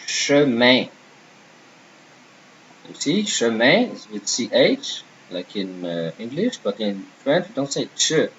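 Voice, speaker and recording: A man's voice: medium pitch, sing-song, measured pace, few pauses, dull audio, slight background noise. A man teaching a beginner French lesson, patiently repeating and modeling each word.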